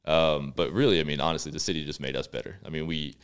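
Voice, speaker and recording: A man from Texas in his thirties, a football quarterback talking as a guest in a radio studio, relaxed and rambling with lots of fillers. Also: extremely low pitch, fast talker, clear, resonant tone. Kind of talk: casual radio interview chat.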